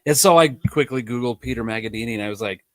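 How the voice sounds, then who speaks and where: A man hosting a podcast, chatting in a relaxed, joking way and giving frequent short agreements. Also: mid-range voice, quick pace, soft background music. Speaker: podcast host and drum teacher. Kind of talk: casual chat.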